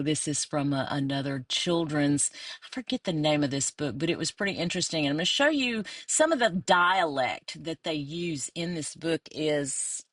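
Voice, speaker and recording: A woman's voice: low voice, gravelly, no echo, clean studio sound. A middle-aged woman from Louisiana with a South Louisiana accent, chatting fondly and meandering through a craft flip-through.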